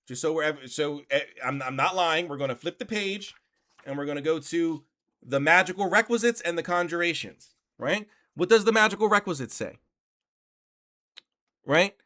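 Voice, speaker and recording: A man's voice: on the high side, lively intonation, normal speed, sharp tone. A man hosting a reaction commentary, reading passages aloud and arguing back in an exasperated tone, swearing now and then. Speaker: commentary channel host.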